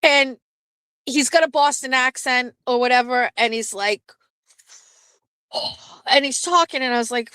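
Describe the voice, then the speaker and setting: A woman's voice: high voice, measured pace, long pauses, smooth, no room sound, clean studio sound. A woman hosting a casual live stream, telling a story with swearing and acted-out quotes. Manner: animated, swearing, acts out quoted voices. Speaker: host.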